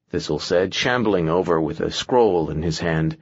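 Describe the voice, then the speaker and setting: A man narrating a fantasy audiobook in measured storytelling. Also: low-pitched, breathy edge, no echo, muffled recording.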